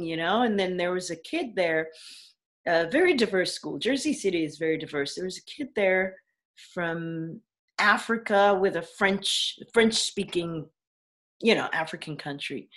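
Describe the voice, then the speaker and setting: An actor and educator, a middle-aged Caribbean woman with a fairly low voice, tells stories in a relaxed video-call interview. She is an animated storyteller who laughs a lot and acts out what others said.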